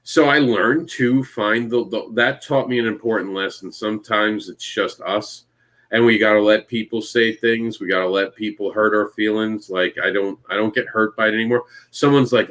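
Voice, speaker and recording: A man's voice: fairly low pitch, fairly even intonation, moderate pace, a bit bright. Male guest, brash storyteller, sarcastic, acts out his own asides. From Florida. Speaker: guest, comics creator. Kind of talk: casual chat.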